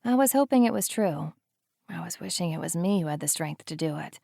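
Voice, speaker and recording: A woman's voice: on the low side, expressive, a little fast, creaky, warm tone, no room sound, clean studio sound, exaggerated voice. A woman voicing a soothing, motherly woman in an audiobook. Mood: hushed.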